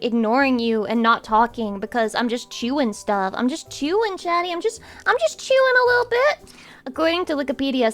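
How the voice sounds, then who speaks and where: A young woman with a high voice chats casually with her stream viewers, reacting to them in a playful, teasing way. Now and then she bursts into sudden squeaky outbursts, with faint music in the background.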